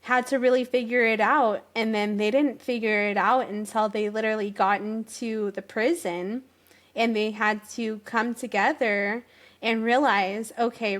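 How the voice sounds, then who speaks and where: A woman guest on a talk show, chatting earnestly and telling her story, sometimes searching for words. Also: mid-range voice. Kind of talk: casual interview chat.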